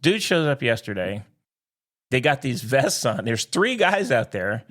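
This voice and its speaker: A man's voice: medium pitch, sing-song, unhurried, a bit bright. A middle-aged man co-hosting a podcast, telling a profane, ranting story in casual chat. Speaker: podcast co-host.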